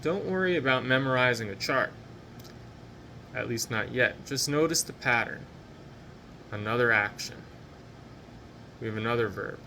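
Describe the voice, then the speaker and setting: A man teaching a language lesson, speaking slowly and patiently and repeating each phrase. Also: mid-range voice, gravelly, bright, forceful tone, a little hiss or hum. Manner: patient, slow drilled repetitions of each phrase; encouraging.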